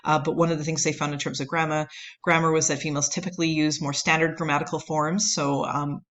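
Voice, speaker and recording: A woman's voice: low voice, flat delivery, quick pace, fairly bright tone. A woman lecturing on anthropology, explaining at length with many fillers and "right?" checks. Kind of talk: recorded lecture.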